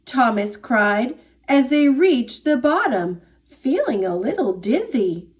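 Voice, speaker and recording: A woman reading a children's picture book aloud in a high, lively voice. She draws out every phrase very slowly and expressively. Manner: expressive, drawn-out storybook narration. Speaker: storyteller.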